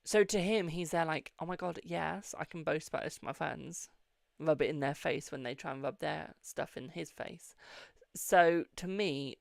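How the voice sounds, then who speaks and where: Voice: mid-range voice, gravelly, no room sound, clean studio sound. A tarot reader with a British accent, hosting a live stream and chatting casually with viewers. They swear freely and call viewers "my darling" while doing readings. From United Kingdom.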